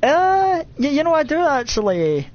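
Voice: medium pitch, normal speed, dull audio. A game streamer with a Scottish accent, from Scotland, giving rambling, self-mocking live commentary with nervous outbursts.

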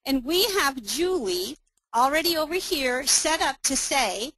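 A woman's voice: high voice, lively intonation, unhurried, fairly bright tone, dry recording, low-quality recording. Upbeat woman presenting a webinar demo. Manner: upbeat, explaining step by step. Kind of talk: software demo walkthrough.

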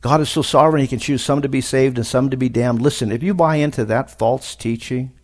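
A middle-aged man preaching a sermon at a conference, animated, with sudden loud emphatic rises. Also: medium pitch, a little fast. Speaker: pastor. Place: conference hall.

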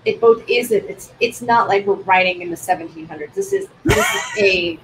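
A woman author talks through her book in a thoughtful, explanatory manner, pausing now and then to restart a thought. Her voice sits at a middle pitch, and a faint background noise runs beneath it. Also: huge pitch swings. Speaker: author guest. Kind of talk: conversational interview answers.

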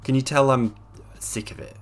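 A man's voice: mid-range voice, fairly even intonation, normal speed. A young man commentating on his own gameplay, exasperated and sarcastic, ranting at a desk microphone. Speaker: game streamer.

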